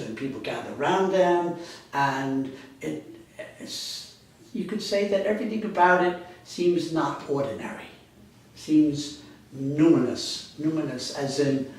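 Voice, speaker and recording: A man giving a university lecture in a rambling, conversational way, correcting himself often. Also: fairly high pitch. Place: classroom. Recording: echoey classroom, speaker far from mic.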